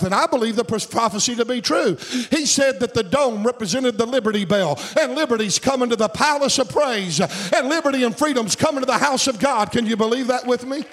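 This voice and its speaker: High-voiced fervent preacher man. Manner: fervent, shouting bursts, sing-song cadence. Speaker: pastor. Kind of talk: sermon.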